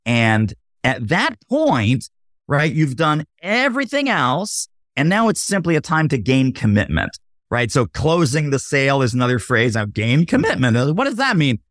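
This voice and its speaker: A man appearing as a guest on a podcast, explaining sales with animated energy and acting out sample dialogue. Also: medium pitch, normal speed, no echo, studio quality. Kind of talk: podcast interview.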